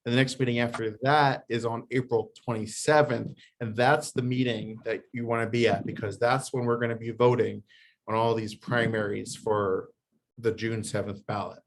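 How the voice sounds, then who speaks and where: Man chairing a club meeting, halting. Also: medium pitch, slight background noise. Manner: halting, many fillers and restarts.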